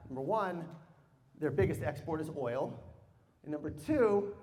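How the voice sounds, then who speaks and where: A man telling a personal story as a sales speaker to a live audience, animated and humorous, drawing answers from the crowd. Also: a little high. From United States. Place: large hall with audience. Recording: long hall reverb.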